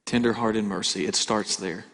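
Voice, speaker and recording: A male pastor preaching a sermon, asking rhetorical questions and swinging between loud emphasis and quiet asides. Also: fairly low pitch, steady tone, normal speed. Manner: conversational preaching with rhetorical questions and dramatic shifts in volume. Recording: hall reverb.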